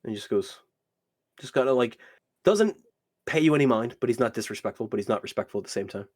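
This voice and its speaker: A man running a tabletop game as game master, narrating in an animated, casual and profane way. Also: medium pitch, fast.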